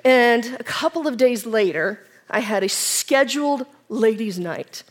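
A woman giving an earnest personal testimony as a church speaker, swinging from strong declarations to soft, near-whispered reflection. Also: a little high, animated, measured pace. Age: adult with children. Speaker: women's ministry speaker.

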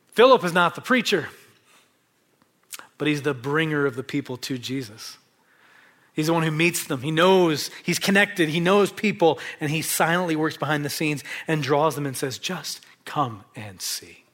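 Emphatic preacher man, rising and hushing. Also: fairly high pitch. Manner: emphatic, dramatic shifts between loud stress and hushed whispers. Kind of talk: sermon.

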